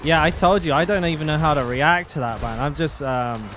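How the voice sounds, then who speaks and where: A man with a fairly high voice chats loosely with his viewers while he plays a game. He swears often and laughs easily. Faint music runs in the background. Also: a little fast, fairly bright tone. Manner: swears often, laughs, trails off mid-sentence. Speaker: game streamer. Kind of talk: casual live-stream chat while gaming.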